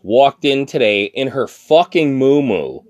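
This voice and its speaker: A man who has been drinking rants in a heated, profane outburst, restarting his sentences and swearing constantly. His pitch sits in an ordinary middle range. The recording is dry and close, with no room sound. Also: expressive, a little slow, dry recording. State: drunk. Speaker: thrift shop worker. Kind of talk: angry profane rant.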